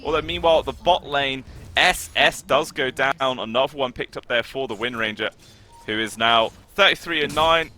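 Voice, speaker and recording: Bright-voiced male esports caster. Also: medium pitch, moderate pace, faint music behind. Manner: excitable, rises sharply on big plays. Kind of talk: live play-by-play commentary.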